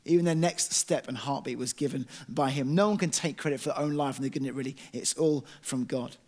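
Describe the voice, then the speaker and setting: A man's voice: mid-range voice, a little fast, a little mellow. A young man preaching a sermon in earnest, telling self-deprecating stories with animation.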